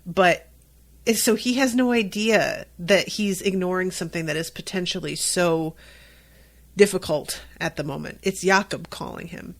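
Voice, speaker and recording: A woman's voice: on the low side, a little slow. A woman hosting a podcast, recapping a TV episode in casual chat, emotional and swearing freely, crying at times. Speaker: podcast host.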